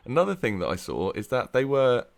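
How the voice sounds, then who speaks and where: A man's voice: medium pitch, very animated, a little fast, gravelly. A man co-hosting a casual film podcast, chatty and hedging, laughing a lot. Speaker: podcast co-host.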